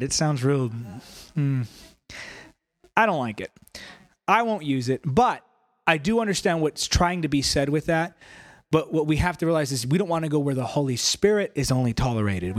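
Young male preacher, lively storytelling. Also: on the high side. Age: young adult. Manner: animated, conversational, laughing. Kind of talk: sermon storytelling.

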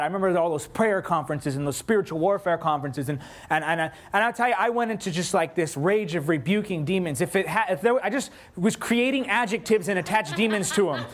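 Animated preacher telling a story. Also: male voice, sits high, fast, hardly any pauses. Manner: animated storytelling, acts out his own prayers. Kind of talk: sermon.

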